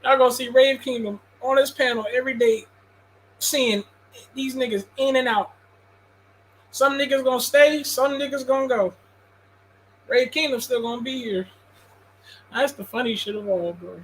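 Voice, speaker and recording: A man's voice: very high voice, moderate pace, long pauses, fairly bright tone, a little hiss or hum, poor audio. A man hosting a casual livestream sports talk show, laid-back, profane and dismissive. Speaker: host.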